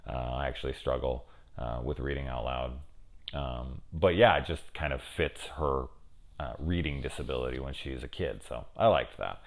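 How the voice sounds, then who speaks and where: A man hosting a casual review show, thinking aloud with many fillers and swinging between loud excited questions and low mumbles. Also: normal speed. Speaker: TV review host. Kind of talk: casual spoiler discussion.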